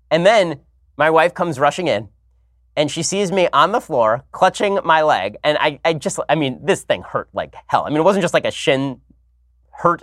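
A man's voice: a little high, a bit bright, dry recording, studio quality. A man in his thirties hosting a podcast, telling a rambling story with wry, sarcastic asides. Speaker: podcast host. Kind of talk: casual monologue and commentary.

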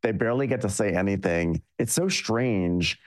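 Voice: sits low, normal speed. A podcast co-host chatting casually about reality TV, rambling and hunting for words. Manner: rambling, hunts for words, animated.

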